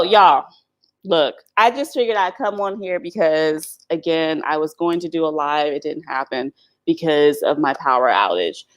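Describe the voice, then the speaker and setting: A middle-aged woman hosting a casual live stream, blunt and animated, laughing often as she chats. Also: low-pitched.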